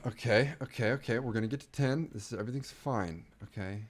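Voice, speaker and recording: A young man streaming a strategy game, talking to himself and chat, swinging from low muttering to excited yelling. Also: quick pace. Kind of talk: casual game commentary.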